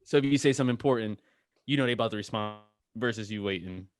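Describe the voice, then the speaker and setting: A man's voice: lowish voice, quick pace. A middle-aged man co-hosting a podcast in casual chat, joking around, laughing often and acting out silly voices. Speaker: podcast co-host.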